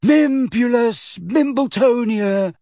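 A man voicing a shy but eager teenage schoolboy who talks with excited, hurried enthusiasm. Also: high-pitched, breathy edge, no room sound, voice pushed up, full character voice.

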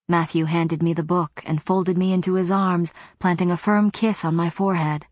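A woman narrates a first-person novel in a measured, even voice. Her voice sits on the low side, recorded close on a studio mic. The sound is dry, with no room echo. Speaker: audiobook narrator.

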